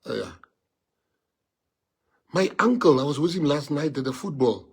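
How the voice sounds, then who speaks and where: Husky South African man telling stories. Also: normal speed. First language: Afrikaans. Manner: anecdotal, speaks in short bursts with loudness swinging from lively to low. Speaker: party leader. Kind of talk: livestream address to followers. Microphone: phone or computer mic on a social media livestream.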